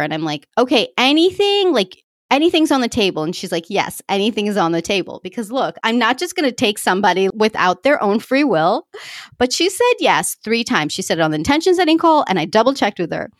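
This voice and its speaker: A woman coach casually telling a story to her listeners, animated and quick to laugh, acting out the dialogue. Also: on the low side, dry recording, studio quality. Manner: animated, laughs often, acts out quoted dialogue.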